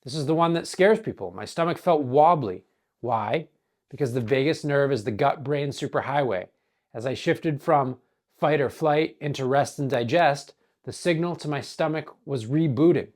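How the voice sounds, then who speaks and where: A man, a wellness coach, in earnest scripted narration with a measured delivery and dramatic pauses, his voice hoarse. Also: mid-range voice, darkish tone.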